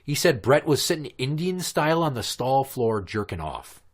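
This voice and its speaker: A man's voice: mid-range voice, big pitch swings, normal speed. A man from Minnesota hosting a podcast, telling stories in a crude, profane, casual way and laughing at his own jokes. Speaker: podcast host. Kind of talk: casual storytelling chat.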